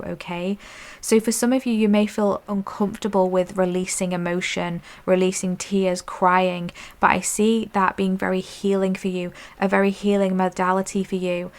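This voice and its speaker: Flat-voiced woman giving a tarot reading. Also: mid-range voice. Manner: soft, affirming, repeats "okay?" and "I'm hearing". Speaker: intuitive tarot reader. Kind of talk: pick-a-card tarot reading.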